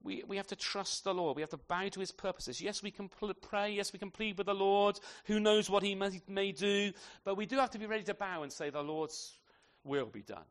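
A man preaching an expository sermon in a church, animated, asking his listeners rhetorical tag questions and restarting phrases as he goes. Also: high voice, brisk, hardly any pauses. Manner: repeats words as he restarts phrases. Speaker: pastor.

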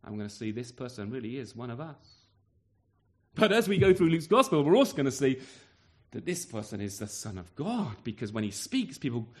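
A man's voice: medium pitch, a little fast. A man preaching a sermon to a local church congregation, firing off rhetorical questions and acting out little exchanges. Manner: lively, full of rhetorical questions and acted-out exchanges.

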